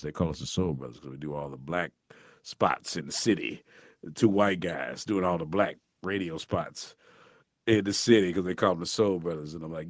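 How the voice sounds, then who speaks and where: Deep-voiced middle-aged guy from st louis, chatty animated stories, acts out voices, dry close mic. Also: brisk, no echo. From St. Louis, USA. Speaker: guest voice actor. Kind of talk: casual storytelling interview.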